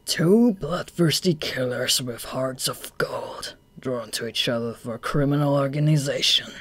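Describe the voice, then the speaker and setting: Brief: narrator voicing a menacing young man, scornful, drawn-out delivery, fan audiobook. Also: mid-range voice, steady tone, no echo, natural voice. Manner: slow, hushed, scornful. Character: cold, menacing young male swordsman-assassin.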